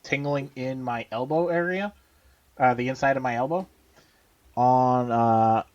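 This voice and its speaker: A man co-hosting a podcast in casual chat, halting and full of fillers and restarts. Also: medium pitch, no room sound, lo-fi sound. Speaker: podcast co-host.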